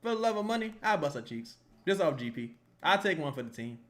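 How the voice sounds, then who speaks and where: A young man with a fairly high voice talks fast while watching a basketball game, giving casual live reaction commentary. He's animated and rambling, joking and swearing throughout.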